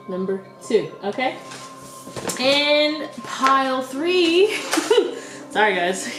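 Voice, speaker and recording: A woman's voice: mid-range voice, echoey room, low-quality recording. A young woman giving a casual tarot reading, laughing often and talking in a scattered, slangy way. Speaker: tarot reader.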